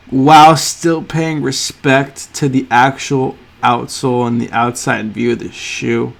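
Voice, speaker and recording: A man hosting a sneaker art channel, reacting to drawings on screen with gushing, theatrical awe that swings from loud to hushed. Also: medium pitch, fairly even intonation, moderate pace, vocal fry.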